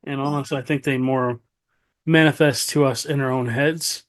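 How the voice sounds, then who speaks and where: A man's voice: mid-range voice, fairly even intonation, normal speed. A man hosts a podcast and asks his guest questions in a casual way. He reacts with short interjections and adds jokey asides. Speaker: podcast host.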